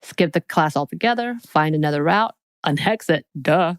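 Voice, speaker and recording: A woman's voice: sits low, expressive, normal speed, clear, resonant tone, no room sound, clean studio sound. Playful woman reading a quiz aloud. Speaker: podcast co-host. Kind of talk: casual chat.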